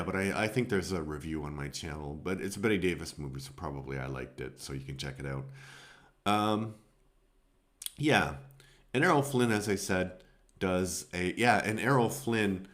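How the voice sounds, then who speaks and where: A man hosting a film review podcast, talking casually and rambling, with many fillers and restarts. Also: deep voice.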